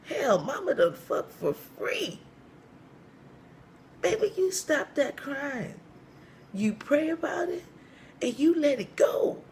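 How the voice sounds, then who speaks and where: A man's voice: very high voice, big pitch swings, takes it slowly, long pauses, slight background noise, voice pushed up, heavily acted. A man voicing an older church mother with a cracked, tender voice who keeps calling the other speaker baby, told as a comedy bit. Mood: consoling. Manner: tender, calls everyone baby. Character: old church mother, woman, cracked voice, soothing. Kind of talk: comedic storytelling.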